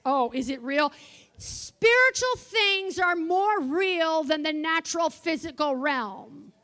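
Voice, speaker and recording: A woman preaching a sermon, passionate at times and soft in her asides. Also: high-pitched, expressive, slow. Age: older. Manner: impassioned, swings from shouting to soft asides.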